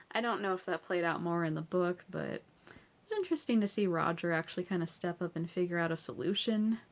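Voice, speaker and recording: A woman talks through a TV episode recap in an easygoing, chatty way, laughing often as she goes. Her voice sits fairly low and has a noticeable gravelly, creaky edge. She keeps filling her talk with casual "like" and "so yeah". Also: a little mellow.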